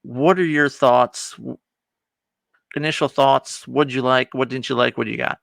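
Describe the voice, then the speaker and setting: A man co-hosting a casual reaction chat, animated and acting out scenes as he recaps them. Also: medium pitch, normal speed, gravelly, no room sound. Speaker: co-host.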